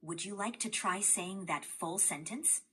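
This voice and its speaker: A woman's voice: mid-range voice, a little slow, slight background noise. A woman's voice, computer-made, guiding a language lesson in a patient, encouraging way. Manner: patient, encouraging, even-paced. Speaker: language tutor assistant.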